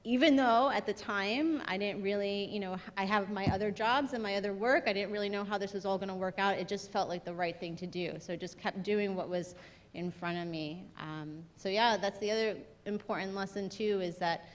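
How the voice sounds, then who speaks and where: A woman speaker at a conference, talking gently and reflectively with many fillers. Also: mid-range voice, normal speed. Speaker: panel speaker. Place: large theater. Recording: reverberant theater hall with faint noise.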